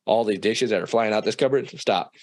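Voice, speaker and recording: A young man with a low voice tells a personal story in a loose, animated way. He swears freely and jumps into the voices of the people he describes. The sound is dry and close, with little room around it. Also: fairly quick, dry recording. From South Dakota. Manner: profane, animated storytelling with quoted dialogue. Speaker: guest storyteller. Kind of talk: casual spoken story.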